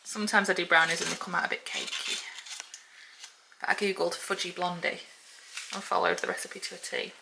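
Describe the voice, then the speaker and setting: In her home kitchen, a Northern English vlogger talks casually to camera, laughing readily and feigning outrage at little things. Her lowish voice stays steady and fairly quick, broken by long pauses, and clear background noise from the house is audible.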